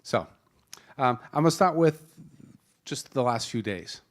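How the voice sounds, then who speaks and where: A man's voice: mid-range voice, a little slow. Joking Boston-accented man moderating a panel. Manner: jokey, lively, rambling with many restarts. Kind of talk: introducing a panel at a live event. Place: conference hall panel.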